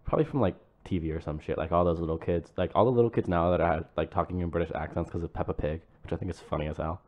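A man co-hosting a casual podcast, joking quickly with deadpan asides. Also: deep voice. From United States. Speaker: podcast co-host. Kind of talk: casual chat.

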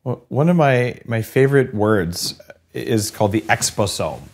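A man's voice: medium pitch, expressive, unhurried, husky. A man hosting a podcast interview, asking long curious questions with hesitant restarts. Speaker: podcast host.

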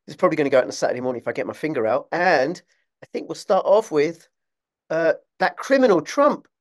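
A man hosts a loose, chatty podcast. His voice sits notably high, and he delivers his points with thick, mocking sarcasm. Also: lively intonation, rapid-fire. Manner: heavy mock-sarcastic praise. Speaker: podcast host. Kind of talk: casual video-call chat.

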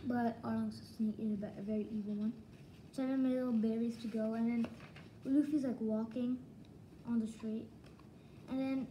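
Woman, casual manga review, slow rambling delivery, mellow tone, lots of restarts. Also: fairly high pitch, slight background noise, low-quality recording. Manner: rambling, excitable retelling with many restarts. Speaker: book reviewer.

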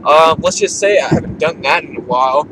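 A vlogger in his 20s with a slightly high voice tells a rambling, casual story a little fast while driving. He's laid-back and leans on filler words, recorded on a camera or phone inside the moving car with loud road and engine noise.

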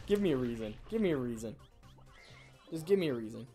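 A woman's voice: a bass voice, expressive, moderate pace, mellow, soft background music. A young woman hosting a gaming channel, giving playful, jokey, self-mocking commentary over her gameplay.

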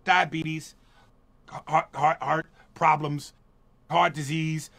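Sarcastic high-voiced man. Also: little pitch movement, slow, creaky, fairly bright tone. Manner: sarcastic, mocking. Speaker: comedian. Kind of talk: monologue in a played clip.

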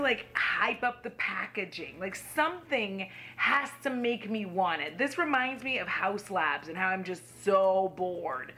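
Young woman, bright sharp tone, blunt sassy makeup chat, casual swearing. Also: medium pitch. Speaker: beauty YouTuber. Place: home.

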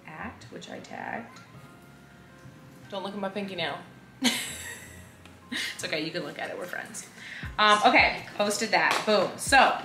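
A young woman chats her way through an unboxing in a casual vlog, gushing and gasping as she goes, a little tired. Her voice sits at an ordinary middle pitch. It rings in a roomy space with loud music underneath. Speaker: lifestyle influencer. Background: background music.

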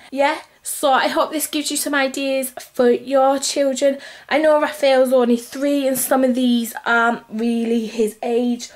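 A young woman, chatting casually to camera about gifts she bought, slightly out of breath, with many pauses and restarts. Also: fairly high pitch. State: a little out of breath. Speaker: vlogger showing Christmas gifts.

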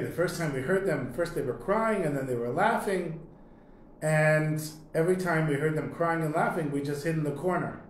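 A man teaches by telling a story, talking loosely and conversationally and clearing his throat along the way. His voice sits a little high for a man. The room is roomy and echoey, with a faint background hiss. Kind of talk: storytelling in a lesson.

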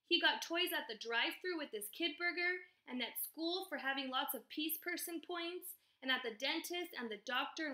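A high-pitched female teacher reads a storybook aloud to young children, speaking expressively and pausing to ask them questions.

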